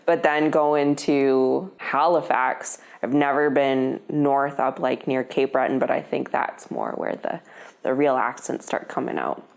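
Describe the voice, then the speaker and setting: A woman's voice: very deep voice, a little slow, vocal fry. A woman co-hosting a casual podcast from home, telling stories in a chatty way and laughing often. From Alberta, Canada. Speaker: podcast co-host. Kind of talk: casual chat. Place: at home, indoors.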